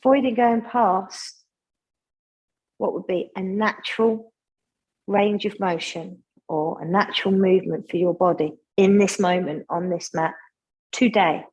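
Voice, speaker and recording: A woman with a soft, breathy voice guides a yoga flow. She talks the class through each move in a gentle, chatty way and drops in friendly asides. Her pitch sits in a middle range. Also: a little slow, rough recording. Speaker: yoga instructor.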